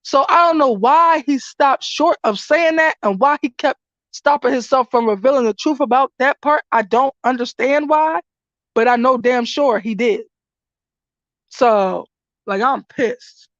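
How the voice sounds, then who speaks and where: High-voiced angry woman ranting on a lo-fi mic. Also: a little slow, no room sound. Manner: emotional, ranting, profane, swings between shouting and muttering. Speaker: vlogger. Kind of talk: angry commentary vlog.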